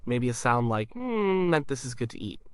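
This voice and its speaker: A man reads an educational explainer in a measured, scripted way. His voice sits at an ordinary middle pitch. The recording is dry and close, with no room sound. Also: clear, resonant tone, no room sound. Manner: explains calmly, sounds out syllables as examples. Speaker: narrator.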